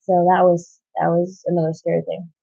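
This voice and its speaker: A woman's voice: fairly low pitch, little pitch movement, brisk, vocal fry, warm tone, no room sound. A woman chatting casually on a live stream, telling a story and trailing off mid-thought. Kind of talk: casual off-the-cuff chat. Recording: dull lo-fi dry sound.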